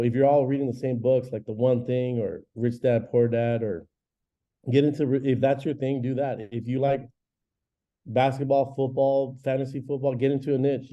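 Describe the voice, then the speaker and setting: A man in his forties, a real estate agent teaching a class in an energetic, chatty way, often acting out phone calls. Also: medium pitch. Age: 40s. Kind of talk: live training class talk. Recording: dull lo-fi recording.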